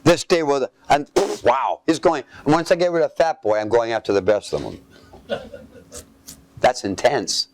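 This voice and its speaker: A man's voice: medium pitch, expressive, unhurried, vocal fry. A man preaching a sermon, reading scripture aloud and asking his listeners to fill in the missing words. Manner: asks fill-in-the-blank questions of listeners; reads scripture aloud, then comments.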